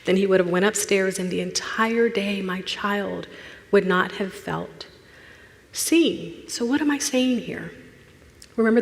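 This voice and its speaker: A woman, a therapist speaking at a church, telling a personal story and acting out the voices in it, dropping to a hush at tender moments. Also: fairly high pitch. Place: church sanctuary. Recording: long hall reverb.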